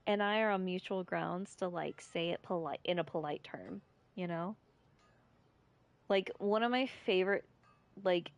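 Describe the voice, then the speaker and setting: A woman streamer with a rural American accent, chatting in a rambling, giggly, irreverent way. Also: medium pitch. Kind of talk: casual live-stream chat. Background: faint game music.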